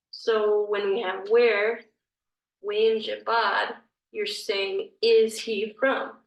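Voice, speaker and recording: A woman talks slowly through a grammar lesson, often pausing to think aloud and searching for a better way to explain. Her voice sounds roomy and a little distant from the mic. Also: medium pitch, vocal fry. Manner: thinking aloud, hesitant, apologetic. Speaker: language teacher.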